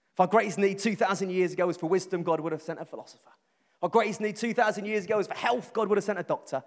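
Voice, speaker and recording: A man with a Birmingham accent preaching a sermon, telling a funny story about a friend with animated, self-mocking delivery. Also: high-pitched, long reverb tail. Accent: Birmingham English.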